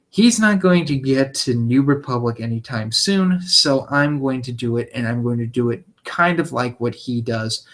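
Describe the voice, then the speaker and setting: A young man chats loosely to viewers on his live stream. His voice sits at a middling pitch, and he wanders between thoughts with plenty of filler words and the occasional swear. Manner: rambling, casual, swears freely, frequent ums. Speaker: channel host. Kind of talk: rambling live stream chat.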